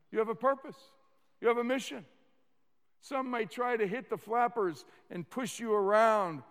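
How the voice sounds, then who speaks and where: Preaching in a notably high, fairly bright voice, this pastor moves slowly and deliberately, leaning on repetition before rising to abrupt, emphatic peaks. His sermon echoes with a long reverb, as though recorded in a large church hall.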